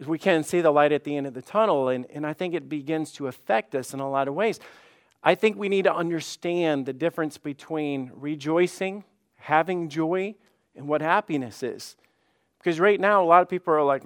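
A man's voice: a little high, brisk. A man preaching a sermon as pastor in a conversational way, often repeating words and acting out quoted voices.

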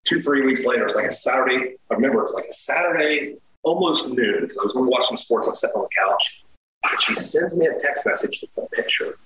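A man's voice: mid-range voice, fast. A man telling a personal story in casual talk, acting out what people said. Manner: animated, acts out quotes. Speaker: guest storyteller. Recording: echoey room with faint noise.

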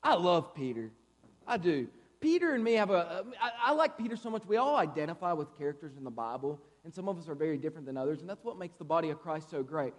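A man preaching as a guest speaker in a church, with a lively, conversational style and playful asides. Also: on the high side, fast. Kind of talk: sermon. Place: church sanctuary. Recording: reverberant hall.

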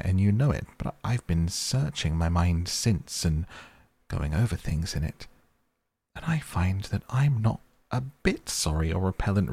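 A man's voice: creaky, mellow, slightly rough, dry recording, heavily acted. A man doing a giddy, boastful storybook toad. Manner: impatient, gushing, with sudden high outbursts. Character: boastful, excitable male toad, mulish and giddy.

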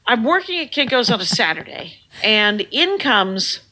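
A woman in her fifties telling a lively, profane story in a casual chat, often laughing. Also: a little high, moderate pace, rough recording. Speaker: podcast guest.

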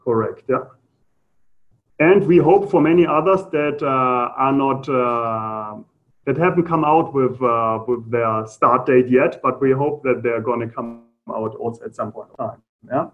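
A man's voice: mid-range voice, unhurried. A man with a German accent giving a live lecture, full of hesitant ums and uhs as he explains slides. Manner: hesitant, many fillers. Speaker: lecturer on carbon pricing. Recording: muffled lo-fi lecture audio.

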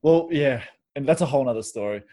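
Easygoing Australian man, mid-pitched. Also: animated, quick pace, dark tone. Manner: easygoing, chatty, laughs easily. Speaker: podcast guest, business owner. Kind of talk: casual interview.

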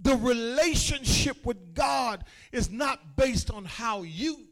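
A male pastor preaching a sermon in a call-and-response style, building from spoken lines to shouted, sung-out phrases. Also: very high-pitched, expressive, slow.

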